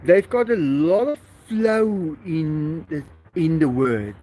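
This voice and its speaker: A man's voice: on the high side, animated, takes it slowly, dark tone. A man from South Africa with an Afrikaans accent, hosting a casual livestream and chatting with viewers. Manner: chatty, laughs often. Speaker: livestream host. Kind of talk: casual livestream chat reading viewer comments.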